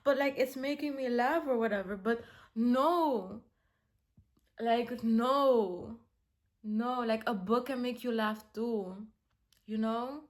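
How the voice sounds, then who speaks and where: A young woman talks in a loose, rambling vlog voice, sitting slightly high in her range. She fills her sentences with little fillers and then slows into gentle, soothing self-affirmations. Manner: chatty, rambling with many fillers, drops to a soft calm tone for affirmations. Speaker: vlogger. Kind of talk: casual self-talk vlog.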